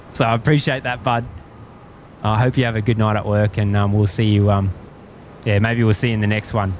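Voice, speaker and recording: A man's voice: lowish voice, flat delivery, normal speed, slight background noise. Easygoing Australian man chatting outdoors. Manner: easygoing, rambling, chuckles often. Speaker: live stream host. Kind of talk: casual live-stream chat. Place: outdoors at a plane-spotting spot by an airport.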